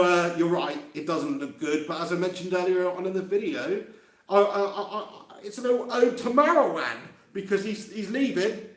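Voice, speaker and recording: A man's voice: sits high, fairly bright tone. Chatty man in an echoey empty room. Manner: chatty, laughs often, reads out comments. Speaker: fan channel host. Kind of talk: live-stream reaction chat. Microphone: handheld mic close to face.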